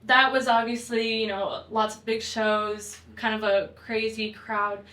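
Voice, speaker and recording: A woman's voice: a little high, level tone, a little slow, bright, forceful tone. A young woman hosting a casual interview, upbeat and chatty, often agreeing with her guest. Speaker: interviewer, show host. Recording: echoey room.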